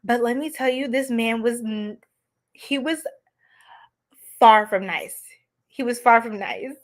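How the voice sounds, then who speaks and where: Giggly chatty woman with a high voice. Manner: chatty and giggly, many fillers, quick storytelling. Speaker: psychic reader and livestream host. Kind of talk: casual livestream chat.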